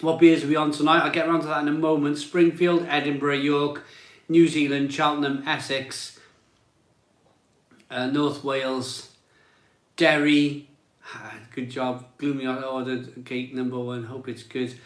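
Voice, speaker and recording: A man's voice: a little high, flat delivery, a little slow, echoey room. A man hosting a casual beer live stream, chatting and greeting viewers as he reads their comments aloud.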